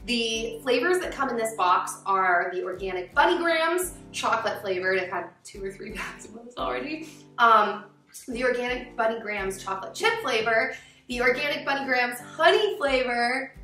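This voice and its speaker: A young adult woman talks through her favorite snacks in a chatty, upbeat vlog style, sprinkling in plenty of fillers. Her voice is bright and clear. She sits a little back from the mic in an echoey room, with faint music playing underneath. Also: on the high side, animated, moderate pace, recorded from a distance. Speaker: vlogger. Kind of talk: casual product review vlog.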